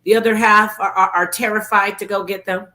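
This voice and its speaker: New york woman on a panel, bright voice, jokey and animated. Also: mid-range voice, fairly quick, low-quality recording. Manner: animated, joking. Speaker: guest panelist. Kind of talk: casual panel chat.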